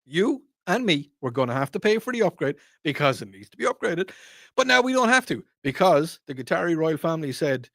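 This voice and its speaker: A man's voice: a little high, expressive, a little fast, a bit bright, no room sound. A man with an Irish accent hosting a talk radio show, rambling and joking through a casual monologue into a studio microphone. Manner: rambling, digressive, jokey.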